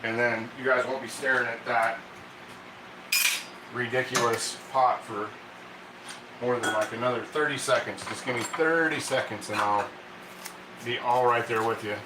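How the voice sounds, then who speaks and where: A man's voice: medium pitch, steady tone, normal speed, long pauses, echoey room, very noisy. A man hosting a casual cooking stream, chatty and laughing often as he coaxes his dog through tricks. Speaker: cooking channel host. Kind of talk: casual live cooking chat.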